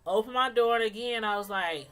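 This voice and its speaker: Animated woman vlogger telling a story. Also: a little high, brisk, clean tone. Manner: animated, laughing, many fillers. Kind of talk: casual storytelling to camera.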